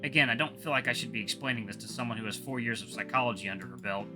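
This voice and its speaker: A man reading a visual novel aloud in a lively way, often stumbling and correcting himself. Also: mid-range voice, very fast, over music. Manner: lively, with frequent self-corrections.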